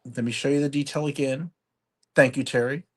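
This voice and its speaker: A man hosting a live online sale, joking and describing items deliberately. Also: medium pitch, steady tone. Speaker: auction host.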